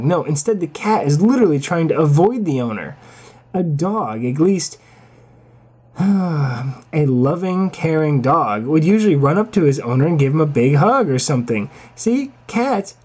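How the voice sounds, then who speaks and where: A man vlogs in an exasperated, crude rant that keeps circling back on itself. His voice is husky and mellow, and his pitch rises and falls a lot. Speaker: vlogger. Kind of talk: casual ranting commentary.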